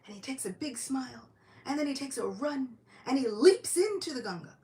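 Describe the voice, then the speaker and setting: A woman's voice: high voice, measured pace, background noise. A woman giving a devotional lecture, telling a story and acting out each character's lines in quoted voices. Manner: animated, acts out dialogue in quoted voices.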